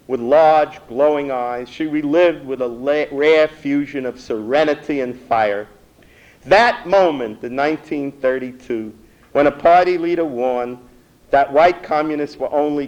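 A man reading a prepared history talk in a measured, earnest way, with a few stumbles. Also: on the high side, a little mellow, low-quality recording. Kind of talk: read lecture.

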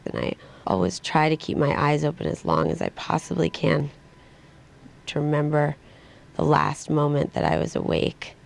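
A young woman recording an audio diary in her hospital room, speaking quietly and reflectively. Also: sits low, lively intonation, moderate pace, creaky. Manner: quiet, reflective, plain-spoken. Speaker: patient.

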